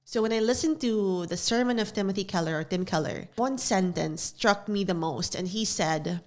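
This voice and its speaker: A woman's voice: mid-range voice, normal speed, few pauses, a little mellow. A young woman hosting a solo podcast in a studio, talking in an earnest, confessional way and repeating phrases for emphasis. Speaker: podcast host. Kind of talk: reflective solo podcast talk.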